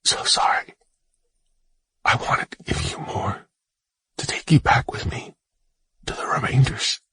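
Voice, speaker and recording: A man voicing a grieving young man who whispers a tearful farewell in a raspy, quavering voice. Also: fairly low pitch, steady tone, slow pace, pushed and bright, no room sound, exaggerated voice.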